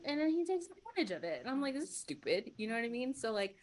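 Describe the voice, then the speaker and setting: A woman speaks in a slightly high voice on a film podcast. She is frank and blunt and gives her opinions in a lively way. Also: racing, background noise. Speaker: podcast regular. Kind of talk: casual chat.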